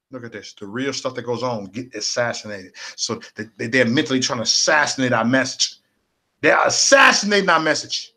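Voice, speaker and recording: A man's voice: medium pitch, bright, forceful tone. A man hosting a casual political livestream, speaking in a repetitive, preachy, rallying way and answering viewers' comments.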